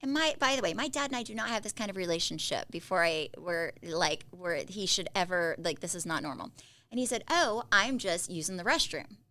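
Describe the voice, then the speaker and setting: A woman's voice: fairly low pitch, brisk. A woman co-hosting a podcast in casual chat, telling family stories and acting out what people said. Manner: animated storyteller who acts out quoted family members. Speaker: podcast co-host.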